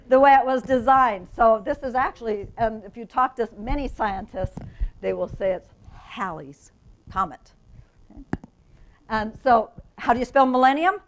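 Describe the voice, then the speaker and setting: A woman who teaches reading methods at a university, giving a lively professional development lecture to teachers and often checking in with the audience. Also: a little high, poor audio. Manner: enthusiastic, asks the audience questions, frequent "right?". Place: conference room.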